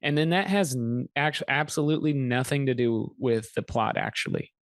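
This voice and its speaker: A man's voice: mid-range voice, normal speed, gravelly, no echo, studio quality. A man in his thirties co-hosting a casual film podcast, blunt and crude, cutting in with teasing jabs. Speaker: podcast co-host. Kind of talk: casual film-review chat.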